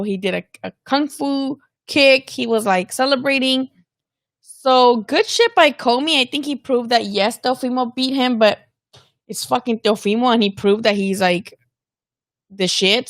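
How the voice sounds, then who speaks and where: Woman host, casual live-stream commentary, higher voice, dry close sound, candid and profane. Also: a bit bright, no room sound. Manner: candid, profane, slips into Spanish slang. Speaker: boxing channel host.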